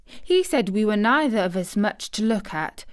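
A woman's voice: medium pitch, expressive, normal speed, clean tone, natural voice. A woman voicing a blunt, earnest young girl in a storybook reading, speaking frankly and sometimes snappishly. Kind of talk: audiobook character voice.

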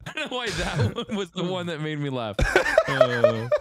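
A man's voice: sits high, sing-song, moderate pace, very noisy. A man playing a shooter game with friends, laughing often and getting openly frustrated, on a headset mic. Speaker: squad teammate. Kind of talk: casual gaming chat.

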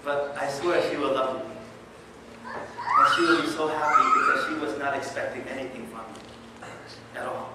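In a noisy, reverberant hall, a distant microphone picks up an Islamic lecturer giving a sermon. He talks conversationally and animatedly, often asking the audience questions, in a mid-range voice at normal speed with frequent pauses.

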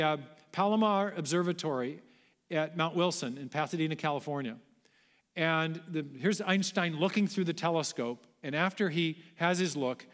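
A man giving an animated public lecture, telling the story with emphasis and asking the audience rhetorical questions. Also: high-pitched. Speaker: guest lecturer. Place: large church auditorium. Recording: long church-hall reverb.

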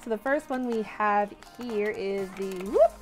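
A woman hosting a toy unboxing vlog, gushing and squealing with excitement, talking to viewers as "you guys". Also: medium pitch, a little slow, soft background music.

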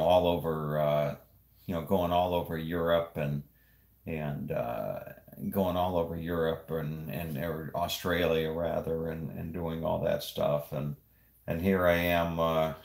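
A man casually vlogging as he walks through a house, rambling with frequent halting pauses. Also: low voice, vocal fry. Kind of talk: casual walk-through vlog. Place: indoors in a house.

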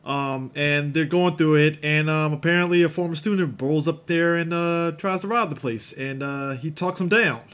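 A man co-hosting a casual podcast, retelling movie scenes and acting them out with lively swings in voice. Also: on the high side, moderate pace, few pauses, smooth. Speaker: podcast co-host. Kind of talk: casual chat.

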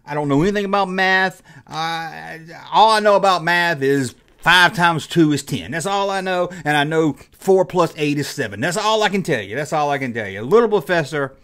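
Animated, jokey middle-aged man. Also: a little high, moderate pace. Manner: animated, jokey, acts out childhood reactions. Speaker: host. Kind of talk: casual nostalgic vlog.

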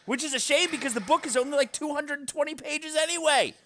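A man co-hosting a casual book discussion podcast, joking and quick with asides. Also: extremely high pitch, a bit bright, a little hiss or hum. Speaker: podcast co-host.

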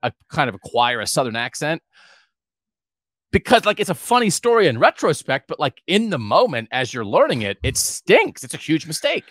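A man's voice: on the high side, sing-song, moderate pace, a bit bright, dry recording, studio quality. A man co-hosting a sports podcast, chatting animatedly and thinking aloud. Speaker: podcast co-host. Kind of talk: casual sports talk podcast.

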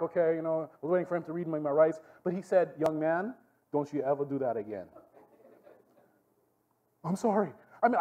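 With a fairly high pitch and a Hawaiian Pidgin-tinged accent, a male youth pastor teaches his group through animated storytelling, regularly pausing to ask "okay?".

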